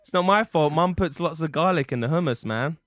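A man's voice: a little high, fairly quick, a bit bright, no echo. A man hosting a comedy podcast in a studio, teasing his co-host and joking. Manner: joking, teasing, mock-outraged. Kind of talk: casual comedic chat.

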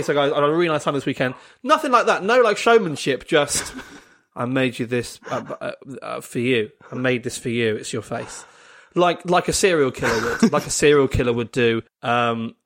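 A man's voice: a little high, fairly bright tone. A man, a comedian, telling a rambling, self-mocking story, full of fillers and laughing often at himself. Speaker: comedian guest. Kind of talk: casual anecdote telling.

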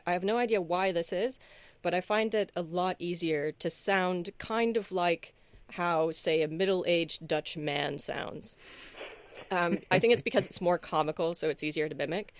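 A woman's voice: lowish voice, moderate pace, no echo. A woman co-hosting a finance podcast, talking in a chatty, self-deprecating way with frequent ums and restarts. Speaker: podcast host, financial journalist. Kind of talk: casual podcast chat.

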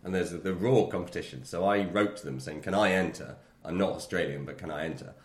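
Deep-voiced English comedian chatting. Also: male voice, fairly quick, echoey room. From England. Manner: chatty, laughs often, tells comic anecdotes. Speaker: podcast co-host, comedian. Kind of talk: casual chat.

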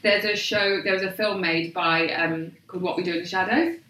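A woman's voice: lowish voice, fairly even intonation, fairly quick, very noisy. A woman comedian chatting as a guest, rambling and giggly, poking fun at herself. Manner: giggly, rambling, self-deprecating. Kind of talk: casual chat. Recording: echoey live room from far off.

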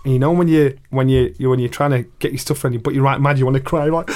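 Middle-aged English man, interview guest, lively anecdotal storyteller with a mid-range voice. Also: mid-range voice, fast, few pauses. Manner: animated, acts out voices of people in his stories, swears. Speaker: guest, retired boxer.

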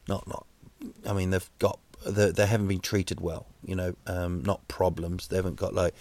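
A man hosting a podcast, delivering a rambling, wry comic monologue full of halting restarts. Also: low voice, little pitch movement, a little mellow. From New Zealand. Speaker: podcast host.

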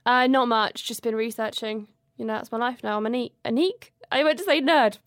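A woman's voice: a little high, brisk, no echo. A woman co-hosting a podcast in casual chat, dry and wry, laughing easily. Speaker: podcast co-host.

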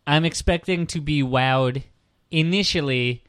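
Sarcastic man, smooth clear voice. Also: fairly high pitch, a bit bright, no echo, studio quality. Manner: sarcastic, joking, halting restarts. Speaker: podcast co-host. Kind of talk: casual chat.

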